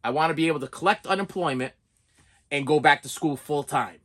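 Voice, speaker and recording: A middle-aged man hosting a movie collecting channel, telling a personal story in a halting, emotional vlog monologue and repeating his words as he goes. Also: on the high side, fairly bright tone. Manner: halting, repeats words, voice rises when upset.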